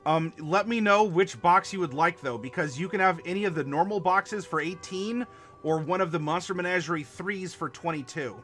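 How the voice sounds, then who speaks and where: Bright-voiced man running a stream. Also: high voice, faint music behind. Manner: halting, with frequent fillers, spelling out dice commands for viewers. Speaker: game master and stream host. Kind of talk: live-streamed tabletop worldbuilding, talking to chat.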